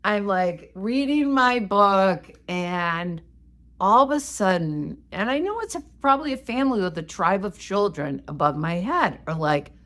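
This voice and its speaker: A woman co-hosting a podcast, telling a story in a casual, animated, self-mocking way. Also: mid-range voice, measured pace. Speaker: podcast co-host.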